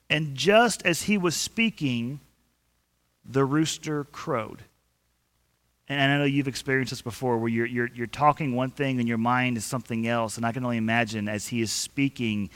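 Guy preaching a sermon, lively storytelling, keeps restarting his words. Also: mid-range voice. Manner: animated storytelling, acts out quoted voices; frequent repetitions and restarts. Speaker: pastor.

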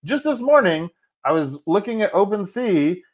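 A man speaking candidly and profanely as an interview guest, animated and open. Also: sits high, moderate pace. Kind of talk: casual interview talk.

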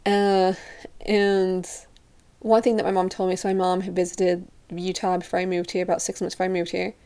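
Young woman from europe rambling casually, says like a lot, lots of fry. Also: fairly low pitch, little pitch movement, moderate pace, warm tone. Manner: chatty, says "like" constantly, acts out quotes. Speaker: vlogger. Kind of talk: casual storytelling to camera.

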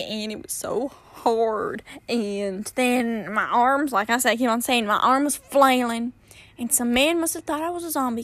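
A woman's voice: sits high, fairly bright tone, no room sound. A woman guest telling a story casually and dramatically, repeating phrases for effect.

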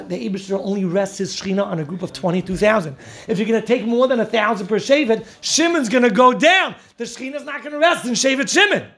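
A man giving a lively Torah talk, telling the stories with animation and frequent laughter. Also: high-pitched, gravelly. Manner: animated storytelling, laughing often, mixing Yiddish and Hebrew terms. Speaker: Torah teacher.

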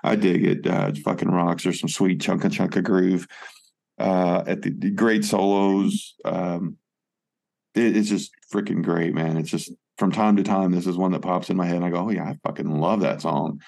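A man's voice: low-pitched, little pitch movement, normal speed, gravelly, a little mellow. A man co-hosting a podcast in casual chat about music, laid-back and swearing, with many fillers. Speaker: podcast co-host.

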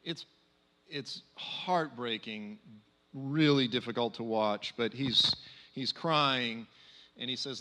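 A man in his forties giving a conversational sermon, animated and full of fillers. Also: lowish voice, slow. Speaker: speaker at a church. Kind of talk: sermon talk. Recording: long hall reverb.

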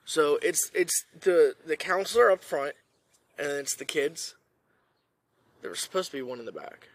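A man telling a comic story in a profane, animated way, swearing constantly. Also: on the high side, normal speed, dry recording. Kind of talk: comedic storytelling.

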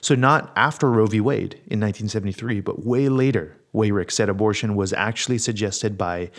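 A man's voice: lowish voice, a little fast. Rambling, profane man hosting a podcast. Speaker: pastor and podcast host. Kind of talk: casual solo podcast monologue.

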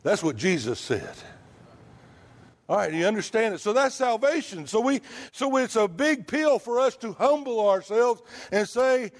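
A man's voice: high voice, very animated, measured pace. A man preaching a sermon in a conversational way, asking the congregation rhetorical questions.

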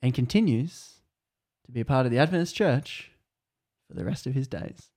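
A man telling a story casually, animated and full of fillers, acting out the quotes. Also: mid-range voice, moderate pace.

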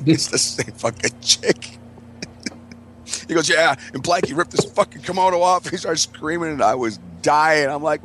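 A man's voice: fairly high pitch, brisk, fairly bright tone, slight background noise. A man telling a rambling, profane story in casual chat, acting out the quotes of everyone involved. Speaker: podcast co-host.

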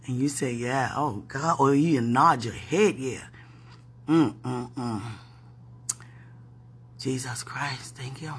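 A woman vlogger rambling affectionately to her viewer in a late-night talk to camera, often trailing off soft. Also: rumbling low, takes it slowly. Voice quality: very husky, breathy.

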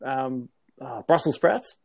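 A man hosting a casual interview, asking rapid-fire questions in a relaxed way. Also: mid-range voice, creaky. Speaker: host.

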